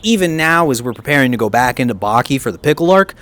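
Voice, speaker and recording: A man co-hosting a casual anime review chat, enthusiastic and animated, with quick asides and laughs. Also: medium pitch. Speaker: co-host.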